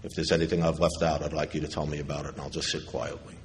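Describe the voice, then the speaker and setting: A man's voice: a bass voice, level tone, fast, a little hiss or hum. A middle-aged man from New York speaking at a recovery convention, telling a personal story with wry humor and acting out what others said. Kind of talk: personal recovery talk to an audience. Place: large convention hall. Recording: echoey hall with faint ambience.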